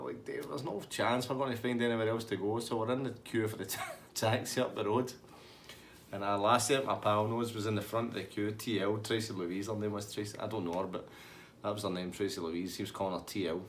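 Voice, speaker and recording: A Scottish storyteller rambles through a comic anecdote, laughing as he goes. His lowish voice is steady and a little fast, with slight background noise.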